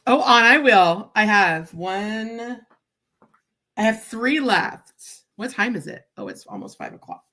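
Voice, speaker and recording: A woman's voice: mid-range voice, animated, slow, sharp tone. A woman chatting on a live stream while she cuts paper crafts, blunt and joking, often laughing and tagging her sentences with "right?".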